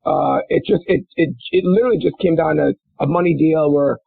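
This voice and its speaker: A man's voice: fairly quick, creaky, husky, dry recording. A middle-aged man from Minnesota, a former football player, telling stories in a rambling, casual way with many restarts and fillers. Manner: rambling, many restarts and fillers, laughs into high-pitched bursts. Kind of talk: casual storytelling interview. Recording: dry, phone-like line.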